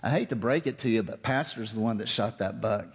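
A man voicing a calm, wise older male hunter who speaks slowly and deadpan. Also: fairly low pitch, creaky, breathy edge, long reverb tail, voice pushed down.

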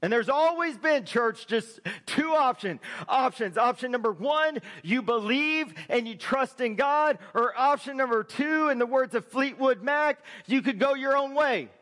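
A man preaching a sermon as pastor, building to shouted emphasis. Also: very high-pitched, animated, measured pace, hardly any pauses.

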